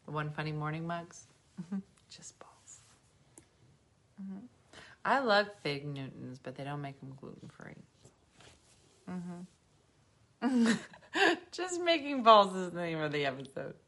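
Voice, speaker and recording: A woman's voice: on the low side, big pitch swings, slow pace, long pauses, a bit bright. A woman with a New Jersey accent hosting a casual podcast chat, a little tipsy and cooing at her dogs. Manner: chatty, talks sing-song to her dogs. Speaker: podcast host.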